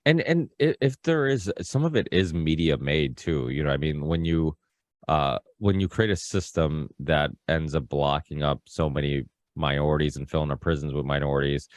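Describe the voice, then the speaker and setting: A podcast host talks through a story in a loose, rambling way, stopping and restarting often. The sound is close and dry. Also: male voice, extremely low pitch, normal speed, no echo. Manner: rambling, with many restarts and fillers; acts out quoted people in a raised voice. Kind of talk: casual podcast chat.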